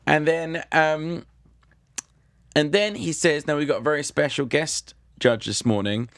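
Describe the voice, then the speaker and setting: A man's voice: fairly high pitch, unhurried, a bit bright, no echo. A British man telling anecdotes as a guest, dry and self-deprecating. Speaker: guest comedian and magician.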